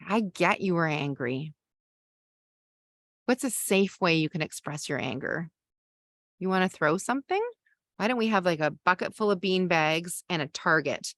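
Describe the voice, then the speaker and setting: Brief: woman parenting coach, lowish voice, dry close sound, chatty live Q&A. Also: animated, moderate pace, pauses often, a bit bright, dry recording. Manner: conversational, reads viewer questions and answers off the cuff. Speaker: parenting coach and podcast host. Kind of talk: live masterclass Q&A.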